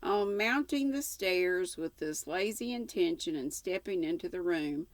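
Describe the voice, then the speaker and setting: An older woman reading a classic novel aloud, unhurried, with casual asides now and then. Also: on the low side, lively intonation, no echo. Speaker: audiobook reader.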